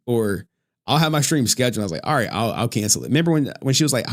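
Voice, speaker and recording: Animated joking male livestream host. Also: medium pitch, fast talker. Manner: joking, profane, laughs often. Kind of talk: casual livestream chat.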